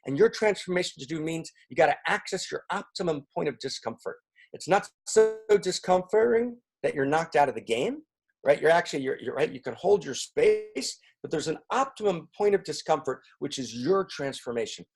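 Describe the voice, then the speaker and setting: A man teaches spiritual ideas on a video call, his fairly high voice swinging widely in pitch. He speaks emphatically and keeps checking in with his listeners with "right?" and "okay?". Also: lively intonation, normal speed. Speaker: teacher leading an online session.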